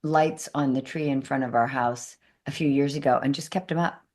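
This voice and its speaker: A woman's voice: a bass voice, steady tone, normal speed, a little mellow. A woman co-hosting a podcast in casual chat, telling a home anecdote expressively. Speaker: podcast co-host.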